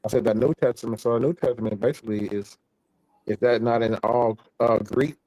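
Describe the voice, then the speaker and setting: A hesitant, inquisitive man speaks as a guest, often restarting his sentences. His voice has a middling pitch and sounds dry and close, with no room echo. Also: fairly even intonation, fairly quick, warm tone. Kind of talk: casual streamed discussion.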